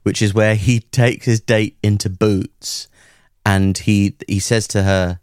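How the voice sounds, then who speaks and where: A man's voice: lowish voice, fairly even intonation, takes it slowly, a little mellow, smooth, no room sound. Giggly British man, dry close sound. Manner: giggly, self-deprecating. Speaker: podcast co-host. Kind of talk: casual comedic chat.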